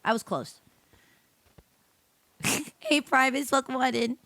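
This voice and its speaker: A woman's voice: high voice, slow pace, pushed and bright, no room sound. A woman livestreamer chatting casually with her viewers, giggly and rambling, on a close desk microphone. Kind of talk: casual stream chat.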